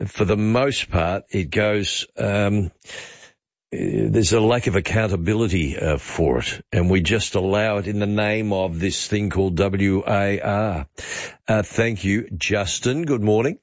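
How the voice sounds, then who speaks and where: A man's voice: on the low side, unhurried, no echo, dull audio. A man hosting talkback radio, chatting bluntly with callers and co-hosts. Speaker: radio host.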